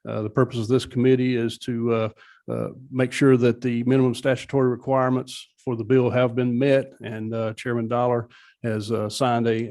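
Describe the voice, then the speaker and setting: A man's voice: medium pitch, warm tone. A man chairing a legislative committee hearing, giving procedural reminders with frequent uhs.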